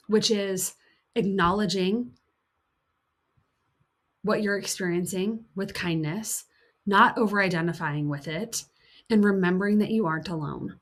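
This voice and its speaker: A woman coach giving an earnest teaching talk. She repeats key points for emphasis, voices the harsh inner critic, and slips into a soft, soothing tone. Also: medium pitch. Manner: soft, soothing tone for self-kindness.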